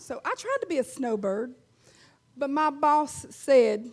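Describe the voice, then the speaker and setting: Woman, Alabama accent, 50s, stand-up comic, folksy, chuckling, high-pitched. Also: expressive, unhurried, a little mellow. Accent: Southern US, Alabama. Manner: folksy, drawling, chuckles at her own lines. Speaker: stand-up comedian. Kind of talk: stand-up comedy set.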